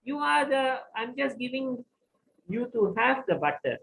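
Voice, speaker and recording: A man's voice: very high voice, very animated, measured pace, vocal fry, fairly bright tone, slight background noise, pitched above the performer's own voice, full character voice, poor audio. A man voicing a mischievous, boastful young boy god with a cheeky, commanding manner.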